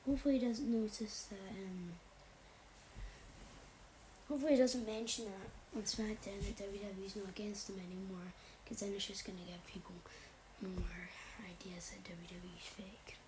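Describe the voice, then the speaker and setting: A woman's voice: mid-range voice, steady tone, normal speed, a little mellow, slight background noise, low-quality recording. A young woman casually rambling through wrestling predictions, often sliding into a whisper, blunt and offhand. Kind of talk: casual chat.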